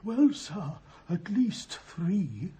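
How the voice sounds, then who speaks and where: A man's voice: high voice, big pitch swings, mellow, slightly rough, heavily acted, poor audio. A man playing a humble butler. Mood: deferential. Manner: humble, halting, full of "sir". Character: deferential rustic male servant, a butler. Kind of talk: radio drama acting. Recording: old radio play recording.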